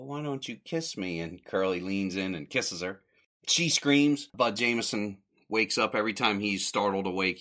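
A man casually recapping on his podcast, rambling and correcting himself as he goes. His voice sits a bit low but has a bright, forward edge. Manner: rambling, self-correcting, chuckles at the jokes. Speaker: podcast host.

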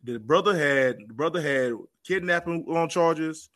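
A man telling a story as a podcast guest, animated, and repeating phrases for emphasis. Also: a little high, measured pace. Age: adult with children. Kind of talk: casual storytelling.

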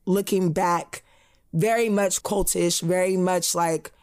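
A woman's voice: on the low side, slow pace. A young woman co-hosting a podcast, telling stories in a casual chat and acting out the voices of people she quotes. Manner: animated storytelling, acts out quoted voices, frequent laughs. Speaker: podcast co-host.

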